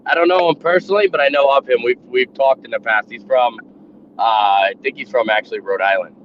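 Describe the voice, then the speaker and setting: A man's voice: medium pitch, a little fast, slight background noise. Boston-accented man, dull lo-fi audio. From New England, US. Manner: blunt, joking, insists he has no accent. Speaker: panel guest. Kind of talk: casual podcast chat.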